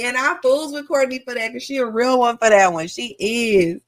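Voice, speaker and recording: A woman co-hosting a casual reality TV recap, talking in an animated, emphatic way. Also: high-pitched, moderate pace. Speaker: co-host.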